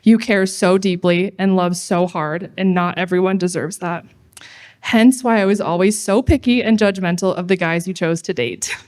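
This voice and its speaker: A young woman giving a heartfelt wedding toast to her big sister, speaking in measured, read-out phrases. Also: lowish voice, darkish tone.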